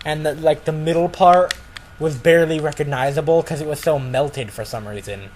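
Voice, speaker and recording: A man's voice: a little high, normal speed, a little mellow, a little hiss or hum, low-quality recording. A man casually telling a story to friends, rambling with lots of "like" and restarts.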